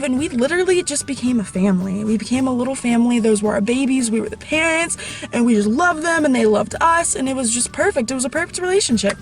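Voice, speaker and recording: A young woman vlogger telling a personal story in a soft, heartfelt way to her viewers. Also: on the high side. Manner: soft, heartfelt, slow and tender. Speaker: reptile vlogger.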